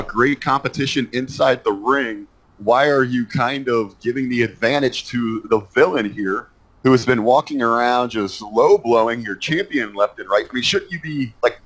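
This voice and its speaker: Male guest, mid-pitch, hesitant and rambling, casual talk. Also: husky, low-quality recording. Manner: hesitant, rambling, many fillers. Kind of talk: casual wrestling chat.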